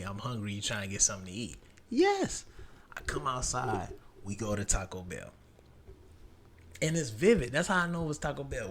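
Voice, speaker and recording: A young man hosting a podcast, telling a story in animated, slang-filled casual chat and swearing freely. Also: on the low side, a little hiss or hum. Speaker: podcast host.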